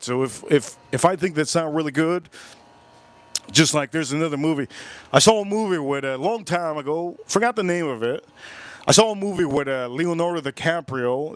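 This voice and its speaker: A man's voice: on the high side, no echo. A man hosting a live stream, chatting casually and rambling while he answers viewers' comments. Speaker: livestream host. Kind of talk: casual livestream chat.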